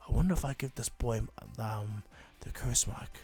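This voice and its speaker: A man voicing a scheming, snake-like male villain in a low, hushed, whispery voice while telling a fan story. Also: normal speed, husky, close to an everyday voice.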